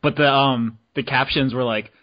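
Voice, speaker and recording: A man's voice: medium pitch, fairly even intonation, normal speed. Teasing man on a lo-fi podcast. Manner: teasing, laughs often. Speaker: podcast co-host. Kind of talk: casual chat.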